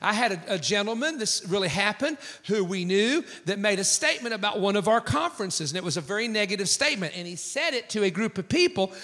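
A man's voice: high voice, fast talker, few pauses. A man preaching a sermon, telling stories with acted-out quotes. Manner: animated storytelling with acted quotes. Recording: long hall reverb.

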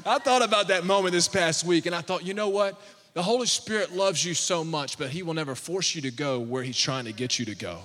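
A man's voice: on the high side, a little fast, a bit bright, long reverb tail. A man in his thirties, a pastor preaching a sermon in a church, mixing humorous storytelling with fervent declarations. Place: church sanctuary.

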